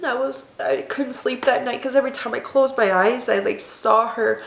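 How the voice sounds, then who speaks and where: A young woman vlogger telling a personal story in an emotional, tearful, halting way. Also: fairly high pitch, fairly even intonation, vocal fry. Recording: echoey room.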